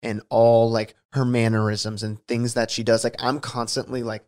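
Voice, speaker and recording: A man's voice: mid-range voice, level tone, normal speed, darkish tone. A young man co-hosting a casual podcast chat, rambling and goofy, with many restarts and laughs. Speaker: podcast co-host.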